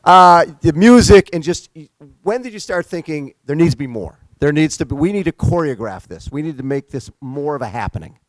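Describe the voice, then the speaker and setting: A man's voice: fairly high pitch, expressive, fairly quick, dry recording, poor audio. Joking male host with dry sound. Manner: joking, teasing interviewer. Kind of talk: casual interview chat. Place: indoor club event.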